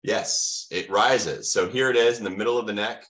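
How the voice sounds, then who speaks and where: A man's voice: lowish voice, a little fast, fairly bright tone. A middle-aged American man giving an online medical lecture, asking the audience questions and answering them himself with teacherly enthusiasm. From United States.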